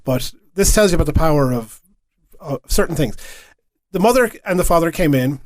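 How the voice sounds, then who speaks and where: A man's voice: a little high, lively intonation, a little fast, no room sound. A man at a radio station, telling an earnest story in a casual podcast chat. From Ireland. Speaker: radio station staff member. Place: radio studio.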